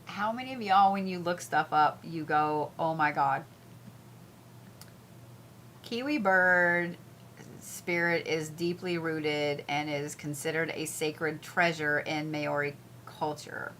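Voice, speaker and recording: A woman's voice: low voice, slow, a bit bright, slight background noise. A woman hosting casual zodiac and crystal reads, blunt and profane, repeating herself as she talks. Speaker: spiritual reader, host.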